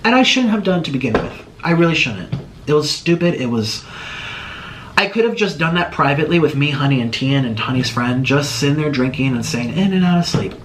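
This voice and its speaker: A man's voice: mid-range voice, expressive, a little fast, noisy background. A man talking through a casual, emotional, rambling apology as an online video creator.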